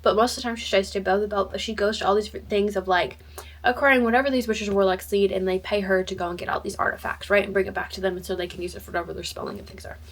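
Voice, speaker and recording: Young female vlogger, mid-pitched, chatty and rambling, casual and upbeat. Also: fairly even intonation, rapid-fire. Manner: bubbly, rambling, many "like"s and restarts. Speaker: book vlogger. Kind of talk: casual chat.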